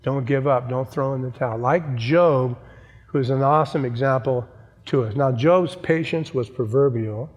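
Speaking at normal speed in a mid-range voice, a male pastor delivers an emphatic sermon, repeats key phrases, and calls on the congregation for an amen. The recording has a long church reverb.

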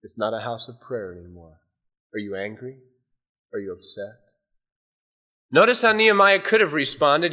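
Bright-voiced male preacher, animated delivery. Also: mid-range voice, moderate pace, long pauses. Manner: animated preaching, drops to hushed intensity for emphasis. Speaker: pastor. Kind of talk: sermon.

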